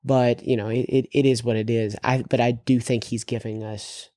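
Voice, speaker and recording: Rambling man with a mellow, dry voice. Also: mid-range voice, little pitch movement, moderate pace, no room sound. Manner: rambling, many fillers and restarts. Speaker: podcast co-host. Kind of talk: casual movie chat.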